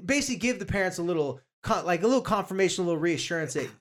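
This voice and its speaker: Animated male podcast host. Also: sits high, very fast. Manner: animated, acts out quotes and jokes. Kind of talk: casual podcast chat.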